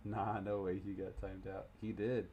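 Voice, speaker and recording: A man's voice: low voice, flat delivery, moderate pace, narrow, tinny audio, slight background noise. A young man streaming a game live, chatting casually and joking, swearing freely as he reads along. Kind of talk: live game playthrough chat.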